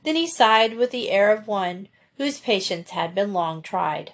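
A woman reading a children's adventure book aloud as narrator, steady and expressive. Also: medium pitch, unhurried, hardly any pauses. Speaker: audiobook narrator. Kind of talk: storybook narration.

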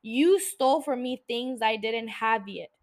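A woman reading the lines of a wounded woman who confronts the man who shot her, speaking in a measured, bitter way that turns forgiving. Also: a little high.

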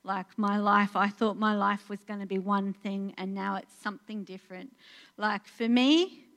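A woman delivering a sermon in a chatty, earnest tone, often pausing on fillers and restarting her sentences. Her voice sits in an ordinary middle pitch for a woman. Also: steady tone, a bit bright. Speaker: preacher. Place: church in Portugal.

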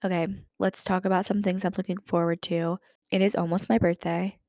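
A woman's voice: on the low side, little pitch movement, brisk, warm tone, no echo, studio quality. A woman in her twenties hosting a podcast, chatting casually and filling her talk with "like". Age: 20s. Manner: chatty, lots of "like" fillers. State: lingering cough. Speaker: podcast host. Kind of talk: casual chat.

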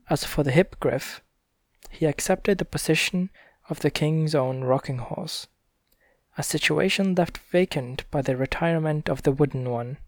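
A man reads a storybook aloud at a gentle, unhurried pace and sometimes corrects himself mid-sentence. His voice sits slightly high and is recorded close and dry. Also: creaky, no room sound. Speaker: reader. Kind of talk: bedtime story reading.

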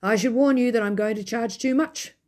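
A woman's voice: on the low side, animated, normal speed, dark tone, slightly rough. A woman voicing a cross, greedy male landlord who grumbles and schemes in a storybook.

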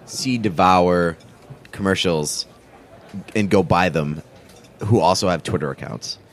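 A man co-hosting a podcast in casual chat, joking wryly and letting his phrases drop low at the end. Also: a little slow, a little hiss or hum. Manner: wry, joking, trails off low at phrase ends. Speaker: podcast co-host.

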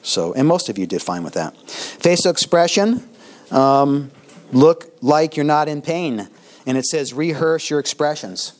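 Older man lecturing a class casually. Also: a little high. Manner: conversational, with pauses and restarts, lively swings in loudness. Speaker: instructor.

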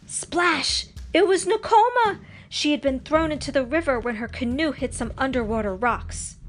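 A woman reading a children's storybook aloud in an expressive, animated way. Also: high voice, normal speed, noisy background. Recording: faint music underneath.

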